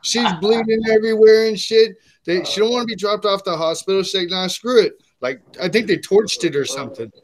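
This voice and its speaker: Animated high-voiced male podcast host. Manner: animated, acts out the people in his stories with quick shifts. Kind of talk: casual profane storytelling.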